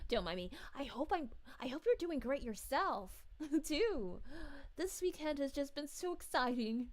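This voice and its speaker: A woman voicing a cheerful, gushing female city mayor in an in-character livestream, bubbly, giggly and sweetly polite. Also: sits high. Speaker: VTuber streamer.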